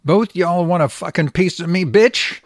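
A man voicing a foul-mouthed, defiant six-year-old boy who taunts and yells insults. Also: medium pitch, normal speed, vocal fry, dry recording, studio quality. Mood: defiant yelling.

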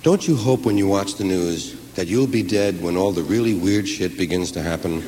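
A man doing a stand-up comedy routine, telling rambling, profane, animated stories. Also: low voice, normal speed, in a large hall, noisy background.

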